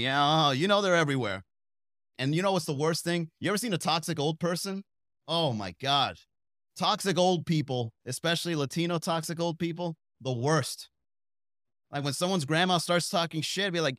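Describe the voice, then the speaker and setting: A man's voice: fairly high pitch, animated, fairly quick, a bit bright, dry recording, clean studio sound. A man hosting a comedy podcast, riffing solo in a conversational way, asking the listener rhetorical questions and acting out quoted people in exaggerated voices.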